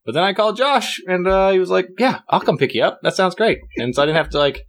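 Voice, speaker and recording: A man's voice: high-pitched, quick pace. A young man telling a rambling story to friends, swearing freely and acting out quotes. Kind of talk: casual chat with friends.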